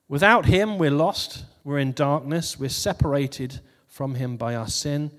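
A man's voice: a little high, unhurried, few pauses, fairly bright tone, in a large hall. A man giving a casual New Year sermon who reads out funny posts and laughs at his own jokes before turning to scripture. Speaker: preacher.

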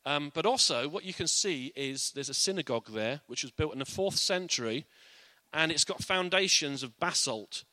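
A man's voice: a little high, expressive, normal speed, bright, forceful tone, no echo. A man giving an informal, earnest Bible teaching in a conversational way.

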